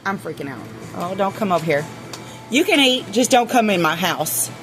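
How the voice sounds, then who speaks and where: A woman's voice: medium pitch, expressive, moderate pace, fairly bright tone, faint music behind. A woman vlogging casually in her backyard, nervous and swearing as she talks to her chickens. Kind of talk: casual chat. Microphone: handheld phone camera.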